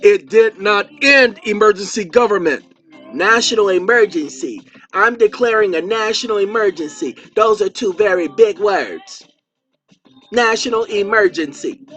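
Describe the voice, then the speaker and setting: A man's voice: sits high, a bit bright. A man hosting his own channel, lecturing viewers in a chatty way and repeating points for emphasis while he types. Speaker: channel host.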